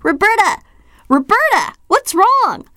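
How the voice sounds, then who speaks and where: A woman's voice: extremely high pitch, sing-song, slow pace, pushed and bright, dry recording, clean studio sound, pitched above the performer's own voice, exaggerated voice. A woman voicing a frightened teenage girl who shrieks and pleads. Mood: panicked.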